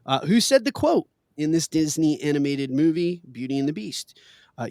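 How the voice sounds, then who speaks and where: A man's voice: fairly high pitch, lively intonation, normal speed, darkish tone, no room sound, clean studio sound. A man hosting a casual trivia game, reading questions with playful emphasis and laughing often. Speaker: quiz host.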